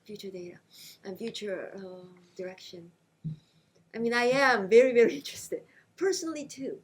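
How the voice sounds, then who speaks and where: A woman researcher speaking in a conversational interview, talking in animated quick bursts with frequent hesitations. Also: mid-range voice, low-quality recording. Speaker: invited lecturer being interviewed. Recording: faint background noise.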